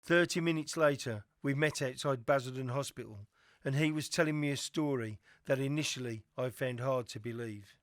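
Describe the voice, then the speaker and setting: Measured male documentary narrator. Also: mid-range voice, dry recording, clean studio sound.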